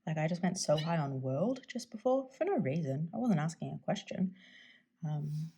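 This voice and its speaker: An Australian woman hosting a casual stationery video, chatty and enthusiastic, often dropping to a soft near-whisper. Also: low-pitched, expressive, moderate pace, husky. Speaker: stationery channel host. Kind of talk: casual chat while swatching inks.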